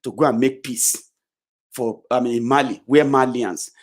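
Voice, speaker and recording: A middle-aged Nigerian man with a Nigerian accent delivering a heated, confrontational political rant, swinging between shouts and low mutters. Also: steady tone, normal speed. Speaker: political commentator.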